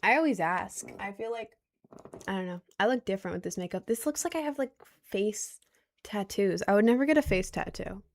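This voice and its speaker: A woman's voice: medium pitch, brisk. A woman of twenty chatting casually on a stream, answering viewer questions in a rambling, giggly way with lots of restarts. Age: 20s.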